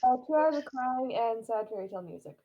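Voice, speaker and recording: A woman's voice: on the high side, a little fast, muffled recording. A young adult woman chatting casually on a livestream, telling stories with lots of "like"s. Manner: chatty, animated storyteller with many "like"s.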